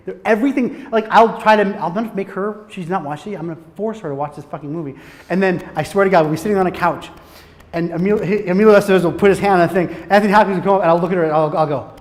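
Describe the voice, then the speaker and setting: Man, high voice, animated storyteller, swears freely, casual talk, reverberant hall. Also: fast. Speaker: guest speaker on filmmaking. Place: conference room.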